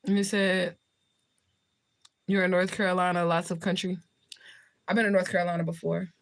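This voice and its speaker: A woman's voice: fairly low pitch, flat delivery, moderate pace. A woman hosting a livestream, chatting casually and answering viewer comments in a blunt, heavily profane, jokey way with frequent laughter. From United States. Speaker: livestream host, spiritual reader.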